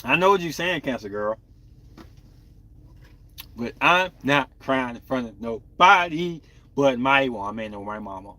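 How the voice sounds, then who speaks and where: Bright-voiced man chatting candidly. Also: mid-range voice, animated, unhurried, pauses often. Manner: candid, rambling, talks to viewers. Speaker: podcast host. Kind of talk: casual live-stream chat.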